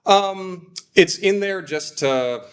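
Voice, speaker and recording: A man teaching a Greek class, explaining patiently and slowing down to repeat words for students. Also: sits high, animated, clear, resonant tone. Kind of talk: classroom lesson.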